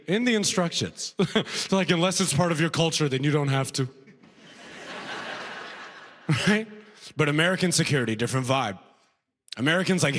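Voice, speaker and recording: Conversational stand-up comic, a bit high. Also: male voice, sing-song, moderate pace, pauses often, fairly bright tone, in a large hall. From Sudan, raised in Alberta, Canada. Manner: conversational, checks in with the crowd. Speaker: stand-up comedian. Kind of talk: live stand-up comedy. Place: stage at a comedy gala.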